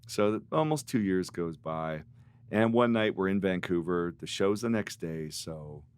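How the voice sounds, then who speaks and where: Middle-aged man, very low voice, animated rambling storyteller, podcast guest. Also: a little slow, clear, resonant tone. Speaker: guest musician.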